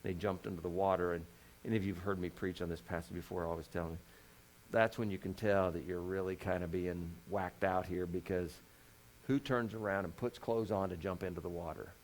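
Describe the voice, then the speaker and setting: A man's voice: sits low, steady tone, fairly quick, slight background noise. A man preaching a conversational sermon as a pastor, folksy and joking, with lots of rhetorical questions.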